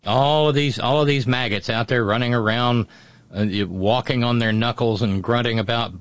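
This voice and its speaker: A man's voice: mid-range voice, moderate pace, dry recording. A man hosting a political talk show, delivering sarcastic, mocking commentary. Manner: mocking, sneering, does mocking impressions. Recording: dry, dull lo-fi audio.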